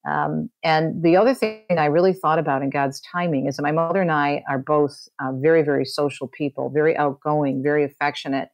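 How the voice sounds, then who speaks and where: A middle-aged woman speaks as a guest, telling her story in a flowing, conversational way full of small restarts. Her voice sits low for a woman. The recording is dry and close. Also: fairly even intonation, brisk, hardly any pauses, no room sound. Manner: warm storytelling with frequent restarts. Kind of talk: conversational interview testimony.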